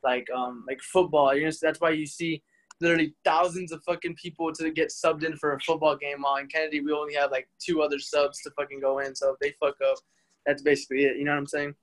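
A young man talks casually and tells his stories with plenty of swearing. His voice sits a little high for a man. He keeps the chat loose and lively among friends. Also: quick pace. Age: young adult. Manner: swears often, animated storytelling with laughs.

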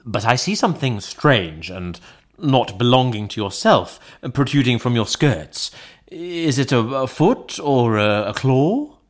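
Shaken elderly miser, halting questions, voiced by a male reader; slow. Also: medium pitch, animated, close to an everyday voice. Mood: uneasy. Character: old miserly man, shaken and pleading. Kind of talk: audiobook reading.

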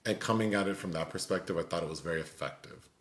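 A man co-hosting a podcast in casual chat, animated and quick to laugh and leap up in pitch when amused. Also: echoey room. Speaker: podcast co-host.

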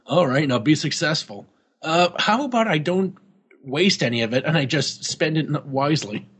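A man's voice: on the high side, animated, normal speed, a bit bright, breathy edge. A man co-hosting a podcast, chatting casually about an old game magazine, joking and swearing freely. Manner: jokey, swearing, laughing often. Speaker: podcast co-host.

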